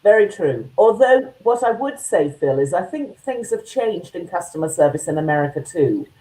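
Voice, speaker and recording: A woman joining a radio show remotely, speaking in a measured, composed way. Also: lowish voice, lively intonation, warm tone, echoey room, low-quality recording. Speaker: remote guest. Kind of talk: casual radio chat. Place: remote line from home.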